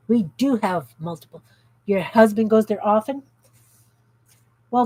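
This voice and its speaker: A woman's voice: on the high side, darkish tone, low-quality recording. A woman hosting a craft livestream from her home craft room, chatting casually and reading out viewer comments as she works. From Canada. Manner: chatty, reads out viewer comments while working.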